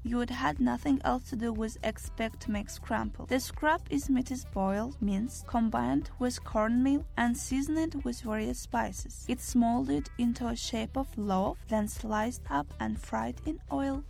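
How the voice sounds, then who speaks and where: A woman's voice: a little high, vocal fry, a little mellow. Chatty woman narrating with playful asides. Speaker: video host. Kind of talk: scripted narration of a listicle video. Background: background music.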